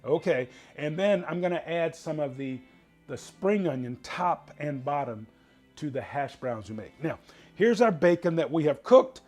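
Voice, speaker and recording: A man's voice: a little high, lively intonation, a little slow, a little mellow, faint music behind. A man hosting a cooking show, chatting folksily to viewers as he demonstrates.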